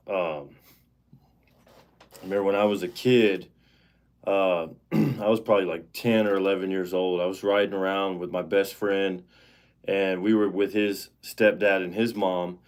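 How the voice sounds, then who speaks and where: A man's voice: on the low side, a little mellow. A man hosting a livestream, talking in a rambling, casual way with lots of fillers and restarts, and getting heated and indignant. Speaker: live-stream host.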